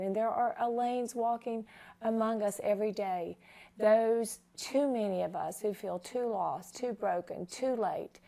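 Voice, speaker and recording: A woman's voice: medium pitch, measured pace, gravelly, dark tone. A woman hosting a Christian talk show interview, moved to tears as she honors her guest. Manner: emotional, tearful while honoring her guest. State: tearful.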